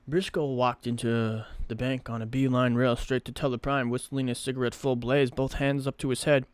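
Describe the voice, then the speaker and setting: A man's voice: mid-range voice, level tone, moderate pace, clean tone, dry recording. A man casually reading a story aloud on a live stream, swearing and stumbling over words now and then.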